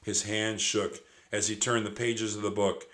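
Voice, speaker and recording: A man with a fairly low voice reads a children's chapter book aloud in a steady, expressive way. His tone is bright and forceful, and he clearly sets out each turn of the story. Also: a little slow. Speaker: audiobook narrator. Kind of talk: children's audiobook narration.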